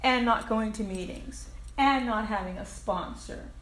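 An older woman speaks unhurriedly in a medium-pitched, slightly bright voice as she shares her recovery story at a meeting. She's frank and candid, swearing offhandedly and laughing at herself, in an echoey room with faint ambience.

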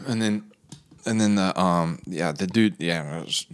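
A man's voice: low voice, measured pace, clear, resonant tone. A young man in a casual, comedic rant, rambling with lots of fillers and repeats.

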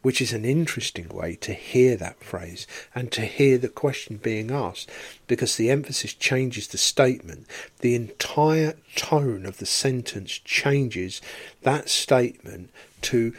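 A man's voice: medium pitch, takes it slowly. A man teaching a Bible study in a podcast, explaining verse by verse and posing rhetorical questions.

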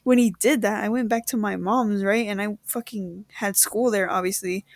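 A woman's voice: medium pitch, steady tone, normal speed, dry recording, studio quality. A young woman co-hosting a podcast, telling a story in casual chat, slangy and swearing, saying bro a lot. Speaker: podcast co-host.

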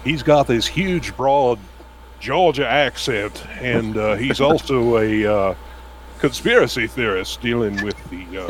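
A man chatting casually on a panel about running tabletop games, animated and laughing often. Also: mid-range voice, a little slow, a little hiss or hum, rough recording. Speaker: game master on a podcast panel. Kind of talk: casual chat.

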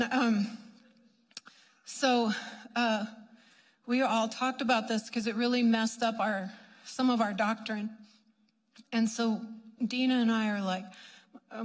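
A woman telling a lively ministry story to a congregation, acting out her own reactions. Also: on the high side. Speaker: ministry speaker. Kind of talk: testimony sermon storytelling. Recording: long hall reverb.

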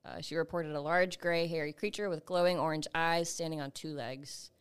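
Woman co-host, lowish voice, casual, reads reports, swears and laughs. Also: steady tone, moderate pace, smooth. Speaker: podcast co-host. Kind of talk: casual chat, reading witness reports.

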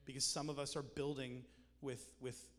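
A man's voice: mid-range voice, flat delivery, normal speed, fairly bright tone. Preacher man in a reverberant hall. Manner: conversational and joking, with emphatic points. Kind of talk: sermon. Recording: long hall reverb with music behind.

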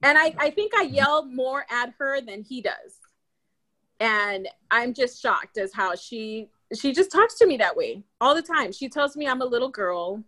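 A woman's voice: high-pitched, expressive, a little slow, sharp tone. A young woman, a guest on a podcast, telling stories in casual chat and laughing often.

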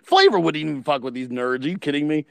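A man's voice: on the high side, sing-song, quick pace, vocal fry, fairly bright tone, dry recording. A man hosting a podcast in casual chat, blunt and profane, telling stories with rising emphasis. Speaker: podcast host.

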